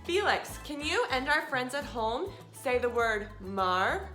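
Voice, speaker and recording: A woman hosting a children's storytime, reading a picture book aloud in a gentle, carefully enunciated way. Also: sits high, lively intonation, slow, faint music behind.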